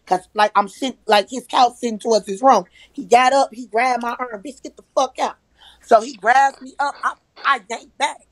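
A woman's voice: a little high, fairly even intonation, moderate pace, few pauses, dry recording, low-quality recording. A woman telling a heated personal story, emphatic and profane, acting out the arguments she quotes. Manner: profane, repetitive. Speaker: live-stream guest.

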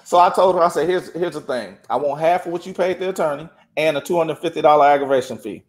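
A man's voice: on the high side, fast, slight background noise. A man telling a courthouse story in casual chat, acting out the dialogue. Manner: animated, acts out quoted dialogue. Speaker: guest.

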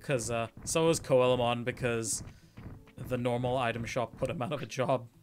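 A man chatting on a game stream in an easy, joking way. He muses aloud over game stats and choices as he plays. His voice sits at an ordinary middle pitch. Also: normal speed, a little hiss or hum. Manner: relaxed, jokey, thinks aloud about game stats. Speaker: streamer playing a video game. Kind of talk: casual game-stream chat.

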